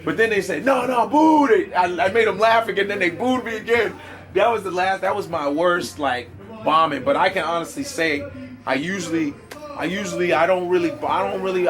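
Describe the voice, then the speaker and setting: Animated, profane stand-up comedian man. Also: a little high. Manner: animated, profane, emphatic street slang. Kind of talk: casual interview storytelling.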